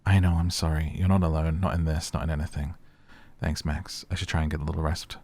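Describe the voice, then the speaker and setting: Deep-voiced man reading game texts aloud. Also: level tone, quick pace, a little mellow. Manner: reads in-game texts aloud between casual remarks; chatty, uses "like" a lot. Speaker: gaming YouTuber. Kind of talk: let's play commentary.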